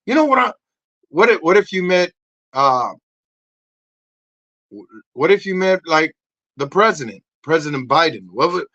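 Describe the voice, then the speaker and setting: Man hosting a comedy podcast, low muttered asides. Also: sing-song, normal speed, pauses often, a bit bright, no room sound, lo-fi sound. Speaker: podcast host.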